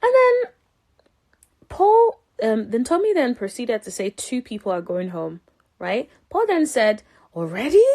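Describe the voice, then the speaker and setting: A young woman casually recapping a dating show, chatty and animated, with her voice leaping up for her reactions. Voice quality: animated, jumps high in pitch for reactions. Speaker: reality show recap commentator. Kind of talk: casual chat.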